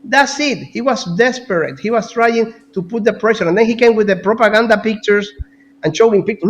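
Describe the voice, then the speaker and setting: A man talking as a guest analyst in casual political commentary, animated, repeating words and now and then coughing. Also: sits high, fairly quick, slight background noise, rough recording.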